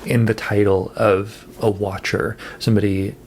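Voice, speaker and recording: Chatty low-voiced man reviewing books. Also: flat delivery, a little slow, a little mellow, a little hiss or hum. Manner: chatty, thinking aloud with fillers and self-corrections. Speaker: book vlogger. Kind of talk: casual monthly wrap-up talk.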